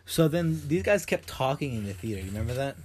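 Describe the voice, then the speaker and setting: A young man chatting casually on a podcast, telling stories in a loose, rambling way. His pitch rises and dips a lot as he talks. He swears freely and keeps circling back with fillers. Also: very animated, quick pace, darkish tone. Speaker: podcast host. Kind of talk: casual chat.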